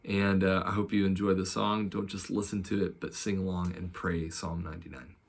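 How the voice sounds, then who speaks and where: A man who teaches psalm chanting in an unhurried, gentle way, with many ums and uhs. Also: low-pitched, flat delivery, vocal fry, a little hiss or hum. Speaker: church music teacher. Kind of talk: teaching psalm chanting, speaking and singing examples.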